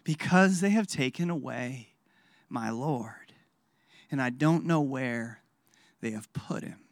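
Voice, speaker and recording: A man's voice: mid-range voice, slow pace, no room sound, studio quality, voice pushed down. A man voicing a grieving young woman who pleads to find a lost body, in a broken voice.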